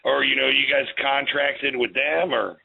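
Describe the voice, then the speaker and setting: A man with a low, deep radio voice, co-hosting a casual internet radio show and joking like a DJ. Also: fairly even intonation, unhurried, creaky, slightly rough. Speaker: co-host. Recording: tinny phone-line sound.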